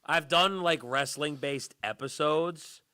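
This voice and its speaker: A young man hosting a podcast, chatting casually with quick quips. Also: a little high, bright, forceful tone. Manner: laid-back, quick quips. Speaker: podcast host.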